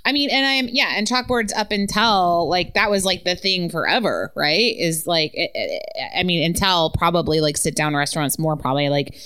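A woman's voice: on the low side, normal speed, few pauses, clear, resonant tone. A woman guest on a podcast, a former restaurant server, telling stories in casual chat with swearing and fillers. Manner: animated storyteller, swears, many fillers.

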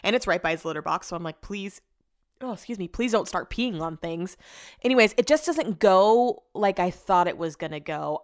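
Young woman, casual vlog story, animated, swears, acts out dialogue. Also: fairly low pitch. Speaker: vlogger.

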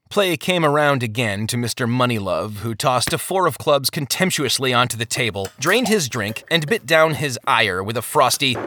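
A man narrating a story in a lively, expressive reading on a close microphone. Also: medium pitch, normal speed, few pauses, a little hiss or hum. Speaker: audiobook narrator. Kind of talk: scripted narration.

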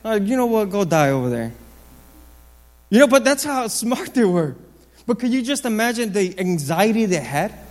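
A man preaching a sermon, emphatic and repetitive, swinging from loud lines to low, quiet ones. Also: very animated, normal speed. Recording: long hall reverb.

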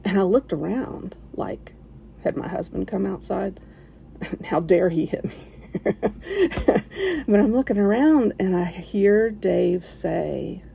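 A woman sharing an emotional personal story, halting at times, with fillers, restarts and soft laughs. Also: mid-range voice, big pitch swings, creaky, dull audio, a little hiss or hum.

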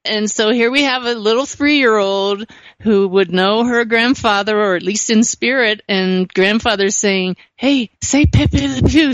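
A woman's voice: medium pitch, no room sound, muffled recording. Enthusiastic woman podcast host. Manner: enthusiastic, addresses listeners directly. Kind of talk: conversational interview.

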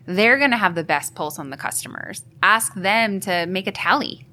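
A woman guest on a live podcast, talking chattily and lively about her field. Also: medium pitch. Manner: lively, chatty, quick to laugh. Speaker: marketing guest. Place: expo hall.

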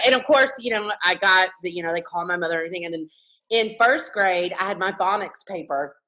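Woman guest, lower register, blunt and profane storyteller, casual chat. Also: fast, low-quality recording. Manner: frank, profane, animated storyteller. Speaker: guest artist.

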